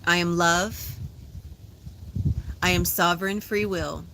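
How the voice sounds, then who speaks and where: A woman leading a guided meditation, giving slow, soothing, repetitive instructions and affirmations. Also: lowish voice, fairly even intonation, pushed and bright, a little hiss or hum. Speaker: spiritual guide.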